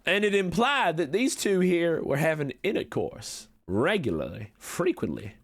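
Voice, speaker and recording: A smooth-talking frontier swindler , as a man puts him on for his stream, leaning into a thick Western drawl. His pitch rises and dips all over the place, lively and sing-song, selling every word like snake oil. Folksy patter in a game roleplay. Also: measured pace, heavily acted. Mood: scheming. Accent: put-on American Western drawl. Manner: folksy, wheedling salesman patter. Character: slick smooth-talking cowboy conman, adult male.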